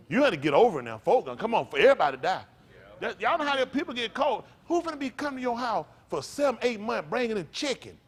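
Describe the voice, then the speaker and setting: Male pastor, kinda high voice, aave, joking sermon style, acts out little scenes. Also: big pitch swings, fast talker. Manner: conversational preaching with comic asides and acted-out voices.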